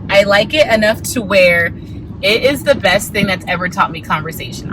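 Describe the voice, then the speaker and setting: Young woman, upbeat chatty vlogger, talks while driving, clear car noise behind. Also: mid-range voice. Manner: chatty, upbeat, trails off into mutters. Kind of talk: casual vlog chat.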